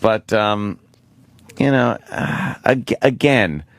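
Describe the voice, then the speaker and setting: A man's voice: fairly low pitch, takes it slowly, fairly bright tone, no echo. A man co-hosting a radio talk show, rambling and wry with many fillers on a close studio mic. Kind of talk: casual radio banter.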